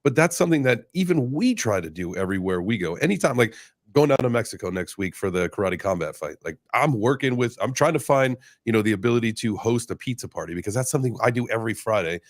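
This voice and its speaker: A man's voice: mid-range voice, expressive, fast, no room sound, studio quality. A man hosting a podcast, talking loosely with lots of fillers and the odd swear word. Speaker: podcast host. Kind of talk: casual podcast conversation.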